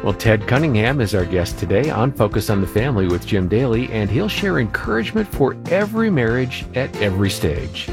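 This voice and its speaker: Low-voiced male radio announcer. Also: big pitch swings, music in the background. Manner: smooth, measured announcing. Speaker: radio show co-host and announcer. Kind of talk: announcer reading.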